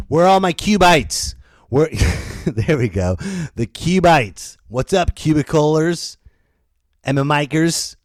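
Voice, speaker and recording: A man's voice: fairly high pitch, huge pitch swings, unhurried, no echo, clean studio sound. A man hosting a solo comedy podcast, goofy and playful, talking straight to his listeners. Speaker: podcast host.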